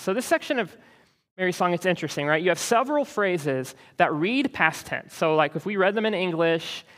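A man with a high voice preaches a sermon, animated and conversational, tossing in quick asides to his listeners. His voice rings out with a long reverb, as in a church hall. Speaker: pastor.

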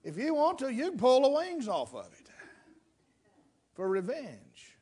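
A preacher doing a calm soothing father. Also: extremely high pitch, breathy edge, voice pushed up, exaggerated voice. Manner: gentle, reassuring, slow. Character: calm, steady father soothing his daughter.

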